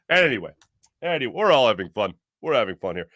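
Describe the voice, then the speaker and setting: A man in his late thirties, a sports show host, telling a story in a casual, animated way, laughing often and acting out the quotes. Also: mid-range voice, moderate pace, pauses often, dry recording, clean studio sound.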